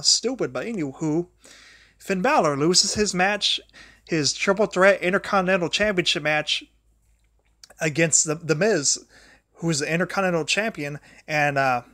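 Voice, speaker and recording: High-voiced man rambling on a livestream. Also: pushed and bright, dry recording, clean studio sound. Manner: rambling, restarts and repeats words often; grumbles at a failing charger mid-talk. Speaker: livestream host. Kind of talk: rambling solo livestream talk.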